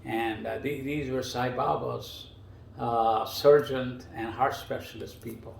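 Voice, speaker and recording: Gravelly-voiced man telling animated stories. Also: takes it slowly, slight background noise. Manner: animated, jumps much higher in pitch for quoted dialogue. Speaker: guest storyteller. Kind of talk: casual spoken storytelling. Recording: roomy echo.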